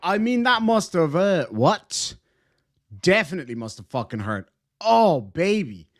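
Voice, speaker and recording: Lively, swearing male streamer. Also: high voice, moderate pace, no room sound, clean studio sound. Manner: gloating, heavy swearing, mocking. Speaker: streamer reacting to a clip. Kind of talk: profane commentary.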